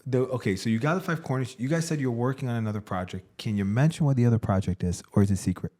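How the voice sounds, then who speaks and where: A man hosting a casual interview show, talking quickly and with lots of energy. He tells stories emphatically, pushing his points hard, at a mid pitch. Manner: energetic storyteller, lively and emphatic.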